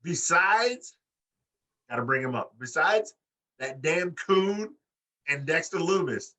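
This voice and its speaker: A man co-hosting a wrestling podcast in casual chat, profane and animated, acting out quotes in high voices. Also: takes it slowly, far from the mic. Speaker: podcast co-host.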